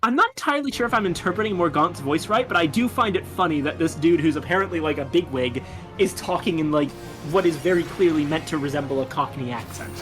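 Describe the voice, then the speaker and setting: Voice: mid-range voice, quick pace, over music. A game streamer chatting casually and explaining things while playing, with chatty asides. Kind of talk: casual let's-play commentary.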